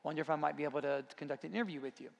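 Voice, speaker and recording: A man with a slightly higher voice and a gravelly edge tells a self-deprecating story to a conference audience. His voice carries a long reverb from a large hall. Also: very fast. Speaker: conference speaker. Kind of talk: storytelling talk.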